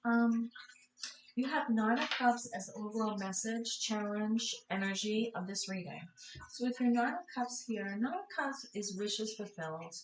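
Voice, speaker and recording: A woman's voice: fairly high pitch, roomy sound, far from the mic, low-quality recording. A woman giving a casual tarot reading, tired and chatty, apologizing and correcting herself as she goes. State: tired, yawning. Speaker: tarot reader.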